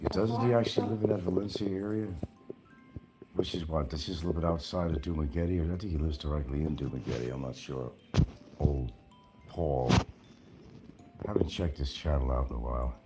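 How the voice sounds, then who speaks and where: Low-voiced older man rambling on a livestream. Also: moderate pace, pauses often, over loud music. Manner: rambling, sarcastic, chuckling. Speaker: livestream host. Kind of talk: casual livestream chat.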